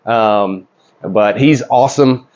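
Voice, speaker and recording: A man hosting his own reptile breeding vlog, speaking casually with a congested voice while recovering from illness and keeping his excitement down. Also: on the low side, takes it slowly, lo-fi sound. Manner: chatty, rambling with many fillers. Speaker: reptile breeder and channel host. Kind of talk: casual vlog talk to camera. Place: reptile breeding room indoors.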